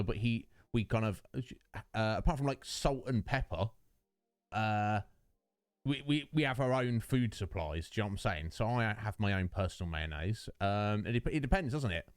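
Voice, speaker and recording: A man's voice: on the low side, lively intonation, moderate pace, dry recording, studio quality, faint music behind. A man chatting with viewers while streaming a game, rambling and joking, answering chat by name. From United Kingdom. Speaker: Twitch streamer. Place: home streaming setup. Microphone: studio dynamic microphone.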